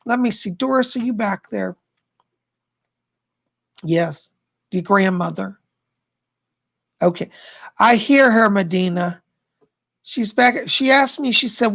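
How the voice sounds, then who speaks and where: A man's voice: high voice, normal speed, creaky, pauses often, a bit bright. A man hosting a live stream of psychic readings, chatty and rambling, who keeps repeating what the spirits say. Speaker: psychic livestream host.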